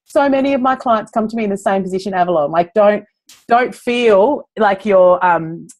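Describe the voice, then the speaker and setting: A woman's voice: medium pitch, moderate pace, a little mellow. A woman coaching a small group, frank and chatty, laughing often. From Australia. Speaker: business coach. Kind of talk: casual group coaching call.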